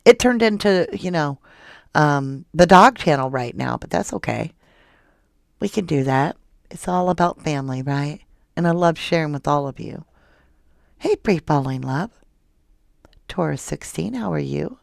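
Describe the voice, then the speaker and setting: A woman chats casually with her viewers as she hosts a livestream, her voice low and gravelly. She turns animated and jumps up high when something excites her, and the sound is dry and close. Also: measured pace, pauses often, no echo. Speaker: true crime livestream host. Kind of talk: casual live chat reading viewer comments.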